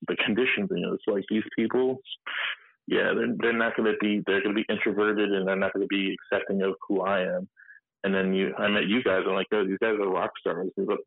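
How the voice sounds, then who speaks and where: A low-pitched man in his thirties with a gravelly, husky voice talks in a halting, filler-heavy way and acts out the voices of people in his story. The sound is tinny and dry, like a phone line. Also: little pitch movement, dry recording. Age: 30s. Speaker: guest. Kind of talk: candid interview over a phone line.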